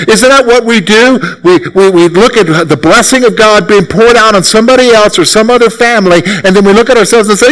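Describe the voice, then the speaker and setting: A man's voice: high-pitched, brisk, hardly any pauses, a bit bright, low-quality recording. A man preaching a sermon as pastor, emphatic and repeating his key phrases.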